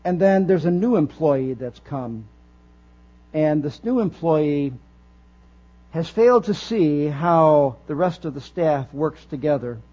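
A man's voice: on the high side, expressive, slow, dark tone. A man preaching a sermon, earnest and emphatic, building his phrases as he goes. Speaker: pastor. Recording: dull lo-fi recording with faint mains hum.

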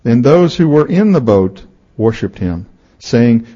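A man's voice: medium pitch, a little slow. A male pastor reading scripture and preaching a sermon, telling stories expressively and acting out the characters' lines. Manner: expressive storytelling, voices the characters. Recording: dull lo-fi recording.

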